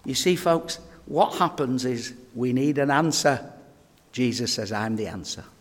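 A man preaches a sermon, telling stories and turning straight to his listeners. His mid-pitched voice carries a long echo through a hall. He keeps the delivery direct and conversational. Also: measured pace. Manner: storytelling, direct address to the audience.

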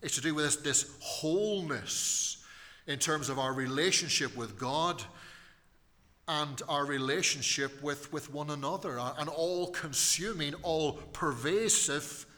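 A man's voice: on the high side, unhurried, pushed and bright, big-room sound. A man preaching a sermon in church, emphatic and repeating key phrases for weight.

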